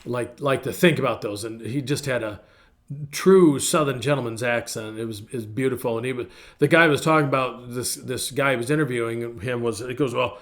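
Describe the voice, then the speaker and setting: A man's voice: mid-range voice, fairly quick, fairly bright tone. A man, a pastor, giving a casual, folksy devotional talk in front of a virtual background, repeating phrases for emphasis.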